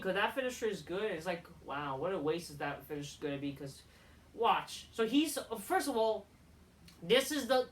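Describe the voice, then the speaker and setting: A woman heatedly ranting as a wrestling show reviewer, swearing often and rambling between points. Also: medium pitch. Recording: voice a bit far from the mic.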